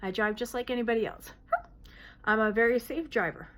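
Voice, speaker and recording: A woman in her late thirties chatting casually as she answers viewer questions, her talk broken by sudden hoots, outbursts and throat clearing. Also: fairly high pitch, a little fast, fairly bright tone. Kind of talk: casual Q&A vlog.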